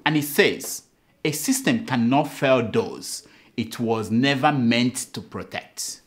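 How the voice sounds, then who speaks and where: A man's voice: mid-range voice, lively intonation, slow pace. A man hosting a comic talk show, bantering in a playful, mock-dramatic way. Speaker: show host. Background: music.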